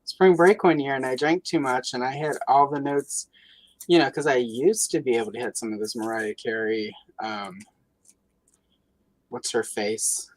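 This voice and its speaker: A woman's voice: a bass voice, steady tone, normal speed, dry recording, rough recording. A woman hosting a livestream, talking casually and rambling with many fillers. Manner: rambling, lots of fillers, chatty. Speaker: livestream host.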